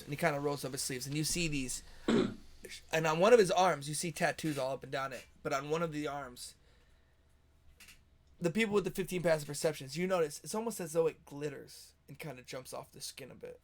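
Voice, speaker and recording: A man's voice: on the high side, brisk. A man narrating as game master in a casual, descriptive way.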